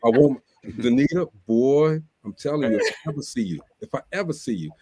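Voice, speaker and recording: Husky-voiced man hosting a chat. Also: mid-range voice, lively intonation, fairly quick, dark tone, no echo. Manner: storytelling, laughing, repeats himself. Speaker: host. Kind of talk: casual group chat.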